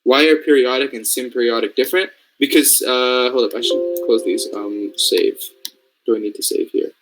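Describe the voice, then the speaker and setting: A man's voice: mid-range voice, steady tone, normal speed, fairly bright tone, soft background music, poor audio. A young man from Canada teaching a casual coding lesson, thinking aloud and often checking that his listeners follow. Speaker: robotics programming mentor. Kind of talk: screen-share coding lesson.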